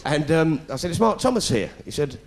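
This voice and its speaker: A man's voice: fairly high pitch, very animated, a little fast. A middle-aged British man telling a sarcastic stand-up story, putting on voices as he goes. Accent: British English. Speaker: comedian. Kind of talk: stand-up comedy routine. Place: stage before a live audience.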